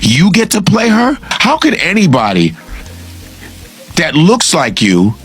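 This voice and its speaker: A man with a husky voice, talking emphatically and profanely as an interview guest. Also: fairly high pitch, wildly swooping pitch, slow, fairly bright tone, faint music behind. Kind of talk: casual interview talk.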